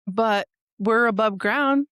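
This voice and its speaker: A woman's voice: a little high, takes it slowly, fairly bright tone, clean tone, no echo, clean studio sound. A woman hosting a podcast in casual chat, rambling with lots of filler words and encouraging her guests. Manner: rambling, filler-heavy, encouraging, laughs often.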